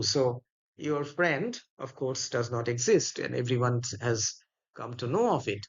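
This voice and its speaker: A man explaining a play in a literature lecture, halting and pausing with many fillers. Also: medium pitch, lively intonation, highs cut off. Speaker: literature teacher.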